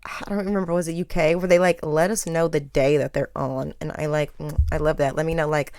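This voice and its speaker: A woman's voice: sits low, steady tone, fairly quick, a little mellow, dry recording, clean studio sound. A woman hosting a podcast, giving chatty, opinionated pop culture commentary full of filler words. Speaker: podcast host.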